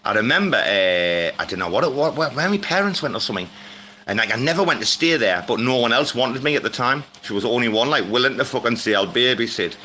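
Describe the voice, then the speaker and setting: A man's voice: fairly low pitch, bright, forceful tone, slight background noise. Swearing man telling stories. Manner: swearing, rambling storyteller. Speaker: host. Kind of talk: casual chat.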